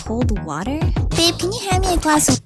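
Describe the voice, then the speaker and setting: A woman's voice: high voice, big pitch swings, a little fast. A woman voicing a short-tempered young cartoon girlfriend who bosses and snaps insults, with music behind her. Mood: annoyed. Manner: bossy, snapping insults.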